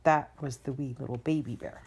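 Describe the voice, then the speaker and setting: A woman reading a children's story aloud as storyteller in an expressive way. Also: extremely low pitch, fairly quick, background noise.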